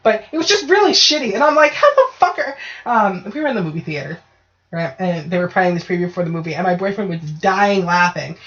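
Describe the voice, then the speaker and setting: A woman's voice: lowish voice, fast. Ranting, profane podcast woman. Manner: profane, ranting, animated storytelling. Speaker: podcast host. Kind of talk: casual chat. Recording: dull lo-fi podcast audio.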